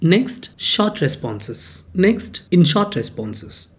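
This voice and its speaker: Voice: mid-range voice, very animated, slow pace. A teacher gives a grammar lesson. The teacher explains each point, then reads the example sentences aloud with stress and repeats them. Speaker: English teacher.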